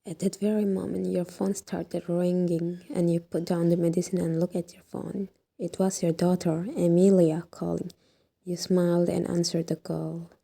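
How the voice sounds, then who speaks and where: A woman narrates a sad story in the second person, her voice very dark and mellow with a steady gravelly fry. She reads on a flat, even line, slow and soft, now and then falling into a whisper. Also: fairly low pitch. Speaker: fan fiction narrator.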